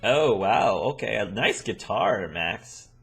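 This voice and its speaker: A man hosting a let's play, reading a visual novel aloud with rambling, animated asides. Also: fairly low pitch, slow, vocal fry, faint music behind.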